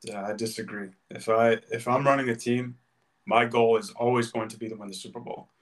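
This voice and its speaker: Guy on a podcast arguing football hard, gets worked up, normal pitch. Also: steady tone, brisk. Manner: passionate, emphatic arguer. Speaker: podcast co-host. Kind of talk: casual sports debate.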